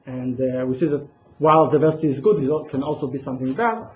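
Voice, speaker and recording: A man's voice: medium pitch, lively intonation, fast. A man giving an academic conference talk, hesitant, with many fillers and restarts. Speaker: conference speaker. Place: large lecture hall. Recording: echoey lo-fi hall recording, faint noise.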